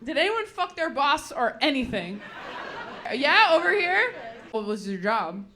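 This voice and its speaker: A young woman doing a brash, self-deprecating stand-up set, her voice sitting a little high. She swears freely and works the crowd from a stage mic. The live recording carries a clear layer of noise. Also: sing-song, unhurried. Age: young adult. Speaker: stand-up comedian. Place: comedy stage before a live audience. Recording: noisy live comedy show recording.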